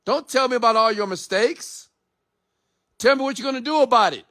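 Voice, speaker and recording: Confrontational entrepreneur, higher-pitched man, profane, tough-love mentor rant. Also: fairly quick, a bit bright. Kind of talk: late-night motivational rant.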